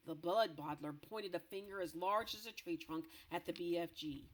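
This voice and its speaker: A woman teacher reading a children's chapter book aloud to a class, with expressive storytelling. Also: fairly low pitch, normal speed, few pauses, rough recording.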